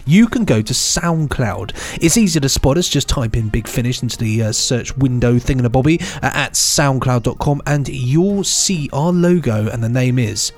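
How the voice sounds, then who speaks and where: Jokey rambling podcast host. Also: male voice, mid-range voice, lively intonation, moderate pace, few pauses, faint music behind. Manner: jokey, rambling, laughs a lot. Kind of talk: casual chat.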